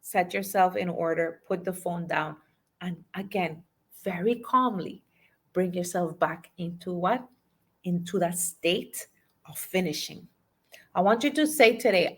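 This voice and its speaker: A woman's voice: medium pitch, expressive, unhurried, slightly rough. A woman, a life and business coach, giving emphatic motivational podcast talk and urging listeners to repeat affirmations.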